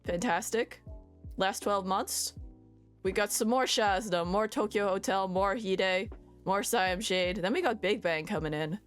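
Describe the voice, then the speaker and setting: A chatty woman vlogger talks casually, poking fun at herself as she trips over foreign song titles. Her voice sits at an ordinary middle pitch. Light background music plays faintly under her voice. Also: unhurried. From Canada. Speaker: VTuber host. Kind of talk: casual chat reading out music stats.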